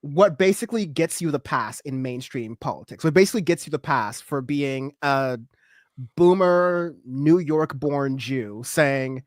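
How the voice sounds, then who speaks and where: A man's voice: a little high, lively intonation, moderate pace, dry recording, clean studio sound. A man hosting a political livestream, rambling with lots of fillers and sarcastic asides. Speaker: political commentary host. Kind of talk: livestream commentary.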